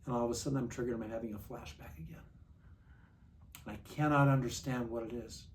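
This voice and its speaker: A man in his sixties giving an earnest personal recovery testimony, confiding and slowing down for vivid details. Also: mid-range voice. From Montana. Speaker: recovery speaker. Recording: distant mic, faint room noise.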